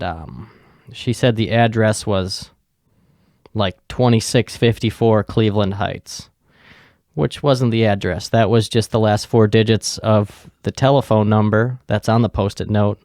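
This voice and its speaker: A podcast host with a low, gravelly voice talks slowly through a profane, rambling story. His tone is casual and unhurried. The recording is close and dry, with no room sound. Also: darkish tone, no echo. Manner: profane, rambling anecdote teller.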